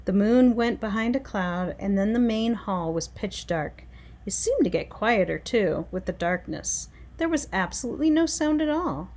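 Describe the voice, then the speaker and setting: Woman reading a kids chapter book out loud, really expressive, voice swoops around. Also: mid-range voice, moderate pace. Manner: expressive, dramatic. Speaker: reader. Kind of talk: storybook read-aloud.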